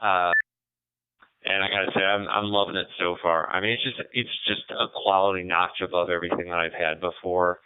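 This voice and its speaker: A man chatting casually over amateur radio, relaxed and thoughtful, pausing often with fillers. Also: deep voice, slight background noise. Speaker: ham radio operator calling in. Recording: tinny radio transmission.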